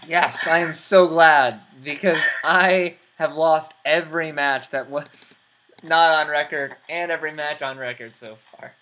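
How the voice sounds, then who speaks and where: A man's voice: fairly high pitch, steady tone, a little slow, sharp tone. A man hosting an online show, chatting casually with a guest over a voice call. He laughs a lot and drifts into rambling asides. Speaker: host. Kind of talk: casual interview chat. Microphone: computer mic over a voice call.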